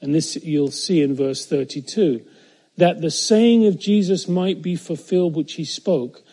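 Man, Bible teacher, mellow slightly high voice, measured emphatic delivery, slows on key phrases. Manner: occasional fillers and self-corrections. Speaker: preacher.

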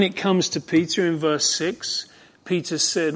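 A man preaching an expository sermon, fervent and emphatic, dropping to hushed tones and rising to ringing emphasis. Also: fairly high pitch, fairly even intonation, moderate pace.

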